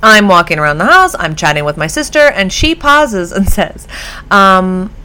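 A woman's voice: mid-range voice, normal speed, clean tone. A woman hosting her own podcast on dog behavior from home, talking in a chatty, storytelling way. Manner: chatty, animated storytelling with laughs. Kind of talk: casual solo podcast.

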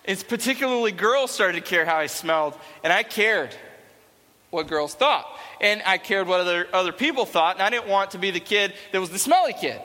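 Bright-voiced young man speaking to a crowd. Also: sits high, brisk, big-room sound. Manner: animated, playful, chatty. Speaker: youth speaker. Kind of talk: youth talk to a live audience. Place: large hall with an audience.

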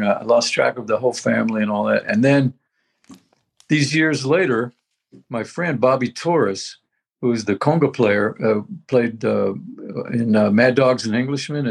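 A man's voice: medium pitch, gravelly, slightly rough. An older man talking casually as a veteran musician, rambling and reminiscing with many restarts. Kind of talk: casual conversation.

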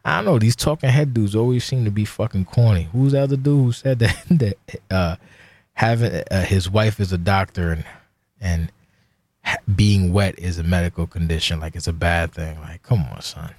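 Solo podcast host, male, low voice, dry close sound, profane heated rant. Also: normal speed, a little mellow, no echo.

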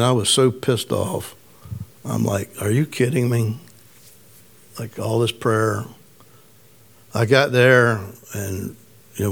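A middle-aged man with a slightly raspy voice, preaching a conversational sermon and telling a personal story. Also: fairly low pitch, fairly bright tone. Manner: conversational, storytelling, asks congregation questions. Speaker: pastor.

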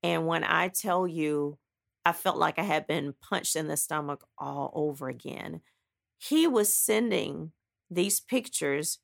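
Blunt and emphatic, a woman author recounts her personal story in an animated way, acting out every step and breaking off for frequent asides, all in a voice that's deeply gravelly and heavy with fry.

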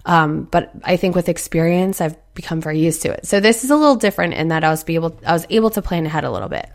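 A woman's voice: low voice, expressive, fast talker, creaky. A woman in her thirties hosting a casual motivational talk, chatty and earnest, acting out inner voices as she goes. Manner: earnest, encouraging.

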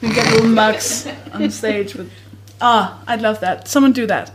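A woman co-hosting a comedy podcast, telling stories in a casual, giggly way and bursting into shouted quotes. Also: fairly high pitch, fairly even intonation, moderate pace, noisy background. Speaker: podcast co-host.

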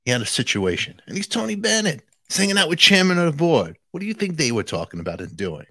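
Talking fast in a voice on the high side, this man runs his own channel and addresses viewers directly. He's lively and full of jokes, and the sound has no echo.

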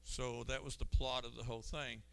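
A man who leads church youth, telling a congregation about a church outing in a halting way with restarts and an occasional amen. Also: mid-range voice, flat delivery, vocal fry, clear, resonant tone, rough recording. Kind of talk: recounting a trip to a church congregation.

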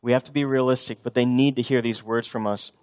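A man's voice: medium pitch, steady tone, fast talker, darkish tone. A man in his thirties preaching a sermon as a pastor, telling family stories in a conversational way. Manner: storytelling, conversational with the congregation.

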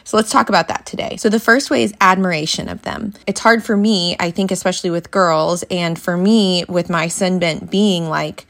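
A woman's voice: on the low side, fairly even intonation, moderate pace, creaky, few pauses. A woman, hosting a faith-based parenting podcast in an earnest, encouraging way. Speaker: podcast host.

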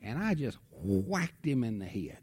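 A middle-aged man preaching, telling a family story with lively swings from loud outbursts to hushed tones. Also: medium pitch, a little slow, slightly rough. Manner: animated storytelling, drops to a hush for tender moments. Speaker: pastor. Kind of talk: sermon storytelling.

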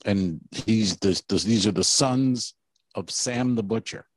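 A man's voice: fairly low pitch, a little slow, slightly rough. A man co-hosting a casual comedy podcast, telling rambling, profane stories. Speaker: podcast co-host.

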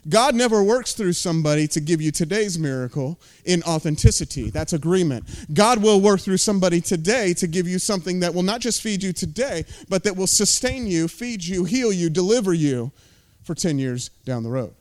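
Intense high-voiced American pastor. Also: male voice, lively intonation, a little fast, a little mellow. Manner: intense, emphatic, conversational. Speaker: lead pastor. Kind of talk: sermon.

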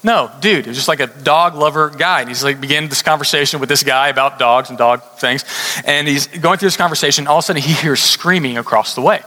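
A man preaching a sermon, telling a story in a conversational way and slowing down hard to stress his points. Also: a little high, sharp tone. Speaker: pastor. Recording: long hall reverb.

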